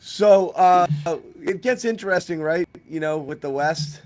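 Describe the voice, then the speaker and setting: A man's voice: high voice, measured pace, darkish tone. A man hosting a basketball postgame show, teasing his panel in casual chat and stumbling over repeated words. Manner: teasing, joking, repeats words when starting.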